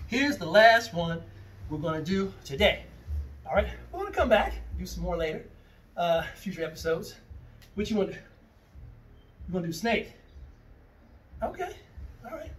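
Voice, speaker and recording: A man's voice: high voice, sing-song, moderate pace, long pauses, a bit bright, distant mic, a little hiss or hum. A man leading a children's martial arts class, playfully pretending to be confused and repeating himself as he coaches.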